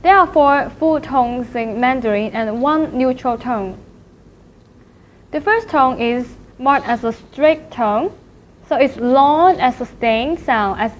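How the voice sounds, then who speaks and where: A woman teaching a language class in a recorded lecture, speaking slowly and carefully and repeating each syllable to demonstrate it. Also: sits high. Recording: dull lo-fi recording with faint noise.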